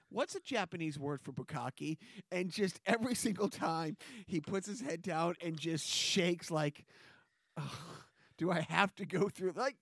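A man's voice: on the high side, no echo, clean studio sound. A man hosting a casual podcast chat, rambling and joking as he goes. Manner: rambling, joking, chuckles between thoughts. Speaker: podcast host.

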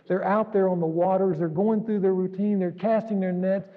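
A man pastor delivering an earnest, dramatic sermon, jumping between raised exclamations and hushed asides. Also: high voice, steady tone, normal speed. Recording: dull recording in a reverberant hall.

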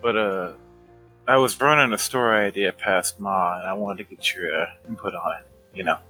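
A man's voice: on the low side, moderate pace, bright, forceful tone, soft background music, poor audio. A man playing in a tabletop game who chats easily and asks open questions. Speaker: player. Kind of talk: tabletop role-play chat.

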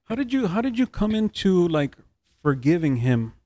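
A man's voice: sits high, sing-song, moderate pace, warm tone. Man co-hosting a podcast chat. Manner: brief back-channel replies. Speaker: podcast co-host.

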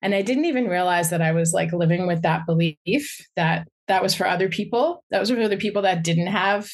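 Woman therapist, lower voice, gentle and reflective, speaking to a live audience. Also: a little fast, breathy edge. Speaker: psychotherapist and workshop speaker.

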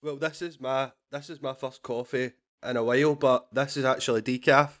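A man's voice: mid-range voice, moderate pace. A man with a Scottish accent, a stand-up comedian chatting as a podcast guest, telling stories animatedly with laughter and restarts. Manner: animated storytelling, laughing, swearing, repeated restarts. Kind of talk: casual podcast chat.

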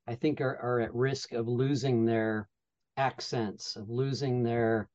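A man's voice: medium pitch, fairly even intonation, a little slow, a little mellow, lo-fi sound. A man from the audience asking a question, hesitant and searching for words with many fillers.

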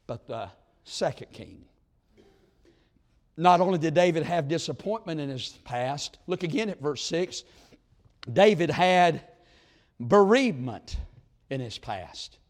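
A man preaching a revival sermon in a fervent, folksy style. His delivery swings between loud exclamations and low, drawn-out asides. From southern United States. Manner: folksy, plain-spoken country talk.

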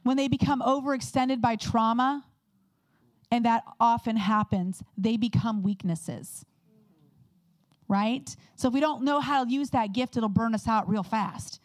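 A woman guest speaker giving a candid, conversational sermon with quick personal asides. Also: a little high, no echo.

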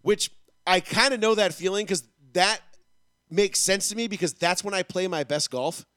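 A man's voice: high-pitched, normal speed, a bit bright, clean tone, no room sound, clean studio sound. A man talking sports in a loose, rambling, profane way on a casual podcast. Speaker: podcast co-host.

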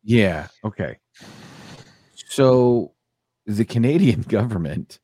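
A man's voice: fairly low pitch, animated, slow, mellow, slightly rough, dry recording. A man hosting a casual podcast, reading news aloud with a sardonic edge. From United States. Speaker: podcast host.

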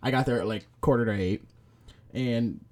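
A man's voice: medium pitch, moderate pace. Rambling man telling a work story. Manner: rambling storyteller, swears freely. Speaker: podcast co-host. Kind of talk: casual chat.

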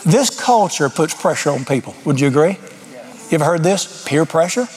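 A man's voice: on the high side, animated, moderate pace. A middle-aged man preaching an informal sermon, folksy and blunt, with sudden emphatic rises.

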